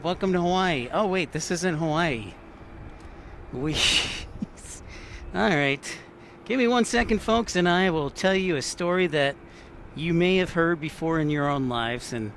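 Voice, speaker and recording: A man's voice: a little high, a bit bright, a little hiss or hum. A man hosting a casual live stream, joking around and answering viewers' chat messages. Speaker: livestream host.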